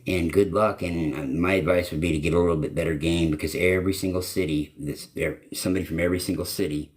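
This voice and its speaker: A man talks on his own live stream in a loose, rambling way. His voice sits low and deep, and he swears casually as he acts out what other people said in his stories. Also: steady tone, fast, a little mellow. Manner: rambling, profane storytelling with acted-out quotes. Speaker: channel host.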